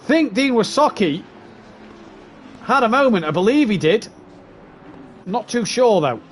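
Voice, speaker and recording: A man's voice: high-pitched, very animated, a little slow, a little hiss or hum. A man commentating a sim race, chatty as he runs through positions and gaps.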